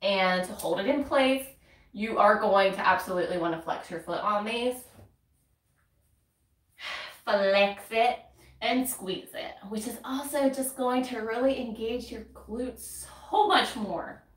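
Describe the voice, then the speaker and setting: A woman with a North Carolina accent talks through her workout in an unhurried way, counting reps and sighing between sets. She sounds slightly out of breath and her voice sits a bit high. The mic is some distance away in a roomy space. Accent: Southern US, North Carolina. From North Carolina, USA. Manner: chatty, counts reps aloud, laughs and sighs between moves. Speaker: fitness content creator. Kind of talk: casual workout instruction while exercising.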